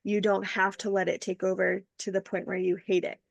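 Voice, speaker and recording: Woman host, kinda gravelly, dry sound, lots of ums, thoughtful chat. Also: mid-range voice, level tone, a little fast, dry recording. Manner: warm, reflective, many fillers. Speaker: podcast host. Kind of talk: casual conversation.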